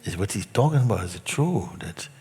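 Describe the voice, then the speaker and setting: A man giving a spiritual talk as a teacher, telling a story unhurriedly, with soft asides that sink almost to a whisper. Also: on the low side, animated, a little fast, big-room sound, a little hiss or hum.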